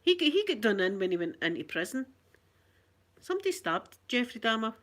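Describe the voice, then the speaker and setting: A channel host from Scotland chats casually to her viewers on a phone, rambling and laughing often in her Scottish accent. Her voice sits on the high side, sing-song and brisk.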